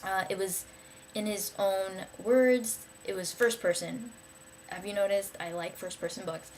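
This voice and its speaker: A woman's voice: mid-range voice, steady tone, unhurried, a little mellow, slight background noise. A young woman talking casually to camera about books she liked, rambling and enthusiastic, with many fillers and restarts. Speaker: vlogger.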